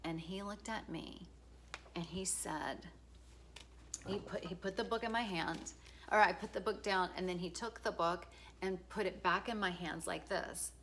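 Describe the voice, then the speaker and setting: A woman's voice: on the low side, measured pace, fairly bright tone, slight background noise. A middle-aged woman reading her own book introduction aloud, frank and emotional, breaking off for casual asides, laughter and swearing. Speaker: author.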